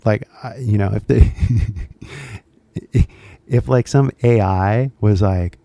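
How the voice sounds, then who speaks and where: A man's voice: on the low side, slow, dark tone, no echo. A man with a Californian accent chatting casually on a live stream, rambling and scattering "like" and "you know" all through his talk. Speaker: English-teaching YouTuber on a live stream.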